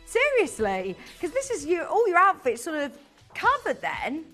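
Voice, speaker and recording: A young British woman presenting a live TV shopping show, gushing and chatty with quick asides. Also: very high voice, wildly swooping pitch, bright, forceful tone, soft background music.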